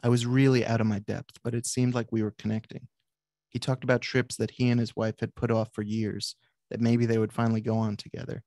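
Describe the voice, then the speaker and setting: Author reading, male, flat and gravelly, dry close sound. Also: mid-range voice, no room sound. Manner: measured, with brief asides to the audience. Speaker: author and psychiatrist. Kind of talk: reading aloud from his book.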